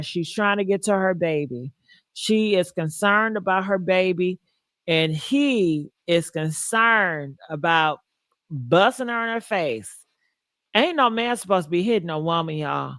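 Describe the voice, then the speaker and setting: A woman's voice: on the low side, animated, a little slow, fairly bright tone, dry recording, studio quality. A woman hosting a casual gossip livestream, talking emphatically and repeating points for emphasis. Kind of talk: casual commentary.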